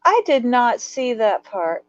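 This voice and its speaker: A woman from the United States hosting a casual live stream chat, curious and quick to laugh. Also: fairly high pitch, sing-song, no room sound, lo-fi sound. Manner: curious, laughs easily, thinks aloud. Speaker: host.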